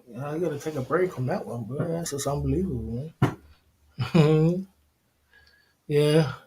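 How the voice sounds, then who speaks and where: A man's voice: on the high side, unhurried, pauses often, warm tone. Indignant man ranting on a livestream. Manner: indignant, repetitive, slangy, laughs often. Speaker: livestream host. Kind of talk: casual livestream rant.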